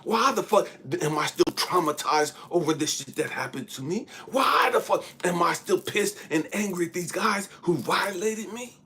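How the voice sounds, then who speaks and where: A man's voice: high-pitched, animated, normal speed, hardly any pauses, bright, forceful tone, breathy edge. A man giving a blunt, profane spiritual monologue, preaching hard and at times dropping into a whisper. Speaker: spiritual speaker.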